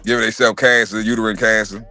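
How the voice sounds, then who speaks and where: A middle-aged man holds forth in a casual livestream chat, his voice bright and pushing forward. He rants in fits and starts, swearing freely and circling back over his words. Faint music plays underneath. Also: fairly low pitch, quick pace. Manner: profane, animated ranting with restarts. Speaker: podcast host.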